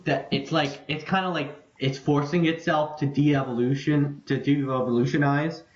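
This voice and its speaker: A young man hosting a casual podcast, excitable and rambling, quick to crack jokes. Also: fairly high pitch. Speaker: podcast host. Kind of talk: casual chat. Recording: lo-fi, echoey room.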